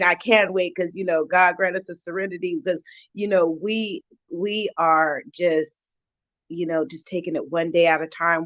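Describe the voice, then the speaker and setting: Woman host, low-ish voice, earnest and heartfelt live chat, stumbles and restarts, dull dry recording. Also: no room sound. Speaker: recovery channel host. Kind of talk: casual livestream chat.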